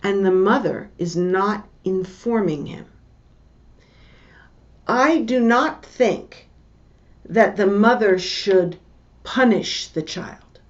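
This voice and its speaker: An older woman giving a lesson with personal stories, talking in a slow, measured way and repeating her key points. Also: mid-range voice, dull audio. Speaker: teacher.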